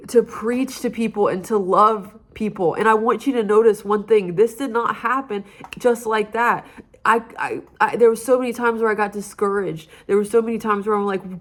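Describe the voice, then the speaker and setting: A young woman giving an earnest, heartfelt personal testimony about her campus ministry. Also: medium pitch.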